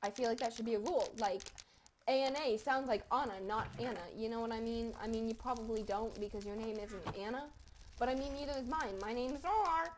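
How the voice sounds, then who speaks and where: A young woman giving casual gameplay commentary, crude and joking, with sudden loud outbursts. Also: a little high, brisk, slight background noise. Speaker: gaming commentator.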